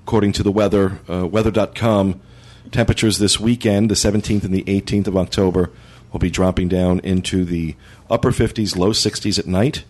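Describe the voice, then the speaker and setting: A man's voice: low-pitched, fairly even intonation, fairly quick, hardly any pauses, darkish tone. A man hosting a casual podcast roundtable, running segments and laughing often with his co-hosts. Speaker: podcast host.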